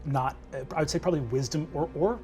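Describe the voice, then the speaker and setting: A man's voice: a little high, dark tone, faint music behind. Brief: male game master, hesitant, filler-heavy narration. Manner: hesitant, many ums, quick asides.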